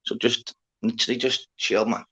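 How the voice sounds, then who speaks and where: A man's voice: medium pitch, flat delivery, normal speed, fairly bright tone, husky. A man hosting a livestream, chatting casually and rambling to his viewers, full of slang and swearing as he greets people in the chat. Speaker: livestream host.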